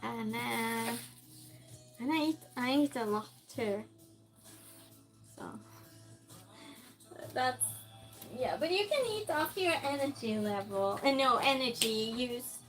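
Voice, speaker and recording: High, unhurried woman streamer. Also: lively intonation, a bit bright, faint music behind. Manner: chatty, reads viewer comments aloud and answers them; laughs often, teases the chat. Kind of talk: casual chat while cooking.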